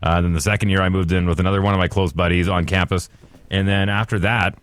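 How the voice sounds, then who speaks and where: A man's voice: low voice, fairly even intonation, fast talker, clean tone, no room sound, studio quality. A man hosting a podcast in casual chat, reacting to his co-host and telling his own stories.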